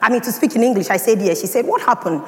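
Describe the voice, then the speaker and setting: A woman's voice: on the high side, racing, dark tone. A woman with a Nigerian accent giving a motivational talk and telling a personal story with dramatic emphasis. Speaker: speaker. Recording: echoey hall, faint ambience.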